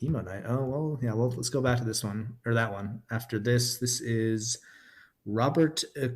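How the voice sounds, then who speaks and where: A man's voice: medium pitch, moderate pace. A man hosting a podcast, talking in casual chat with a wry, teasing manner. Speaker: podcast host.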